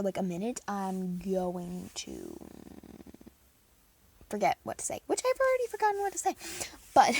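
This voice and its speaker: A teenage girl vlogging in casual chat, rambling and giggling as she tells stories. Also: fairly high pitch. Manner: giggly, rambling, animated storytelling.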